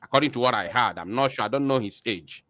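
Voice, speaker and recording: A man's voice: mid-range voice, fast talker, pushed and bright, no echo, clean studio sound. A man hosting an online show, commenting hesitantly with many fillers and rhetorical questions.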